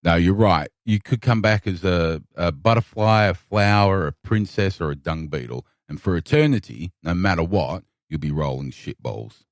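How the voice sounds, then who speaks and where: Australian male podcast co-host, lowish lively voice, dry close mic, swears freely in loose chat. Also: moderate pace, hardly any pauses, no room sound. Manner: animated, swearing, repeats words often. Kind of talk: casual chat. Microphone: podcast microphone.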